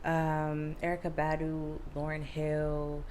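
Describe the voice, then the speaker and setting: A young woman guest musician talking casually in an interview, relaxed and chatty, saying "like" a lot. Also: deep voice, slow pace, slight background noise. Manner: relaxed, chatty, heavy use of "like".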